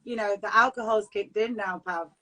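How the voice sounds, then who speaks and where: Bright, giggly woman on a video call. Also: mid-range voice, moderate pace, slight background noise, poor audio. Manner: giggly, rambling, self-correcting. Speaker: vocalist and broadcaster, interview guest. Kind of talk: casual live-stream chat.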